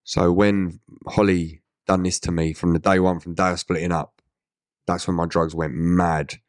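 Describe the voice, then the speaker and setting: Essex man in his thirties, low-voiced guest, blunt, swears, tells it straight; dry close mic. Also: little pitch movement, normal speed, no room sound. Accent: Essex English. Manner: blunt, swears, acts out quoted dialogue. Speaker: interview guest. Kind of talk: candid storytelling interview.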